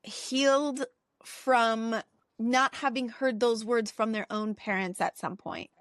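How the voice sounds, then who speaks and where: A woman's voice: fairly high pitch, steady tone, takes it slowly, fairly bright tone, no room sound, clean studio sound. A woman co-hosting a podcast in casual chat, acting out quotes and laughing often. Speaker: podcast co-host.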